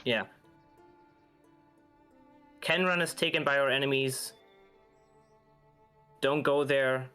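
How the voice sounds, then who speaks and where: A man's voice: medium pitch, steady tone, takes it slowly, long pauses, sharp tone, smooth, faint music behind. A man running a tabletop game, joking and laughing often as he guides the players.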